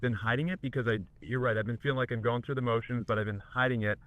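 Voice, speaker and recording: A man's voice: medium pitch, fairly even intonation, fast talker, narrow, tinny audio. A man, an entrepreneur being coached, speaking hesitantly with many fillers. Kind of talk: casual conversation.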